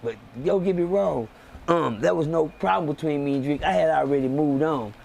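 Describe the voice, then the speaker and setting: A man telling a street story on a live stream, animated and acting out the voices of the people in it. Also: a little high, brisk, gravelly, slight background noise. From Texas. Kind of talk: casual storytelling.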